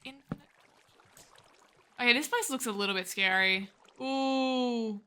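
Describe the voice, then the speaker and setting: A woman's voice: mid-range voice, expressive, normal speed, pushed and bright, a little hiss or hum. A woman giving casual gameplay commentary as a streamer, chatty and self-mocking as she talks to her viewers. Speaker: game streamer.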